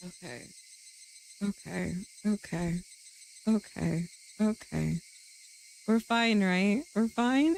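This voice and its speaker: A woman's voice: medium pitch, a little mellow, a little hiss or hum. A woman streaming live, chatting casually and reading a visual novel aloud, laughing often and swearing freely.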